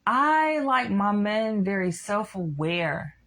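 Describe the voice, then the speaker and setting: A woman's voice: mid-range voice, very animated, slow pace, vocal fry, fairly bright tone. A young adult woman giving a blunt, candid monologue to her audience, swearing freely as she states her opinions. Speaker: vlogger.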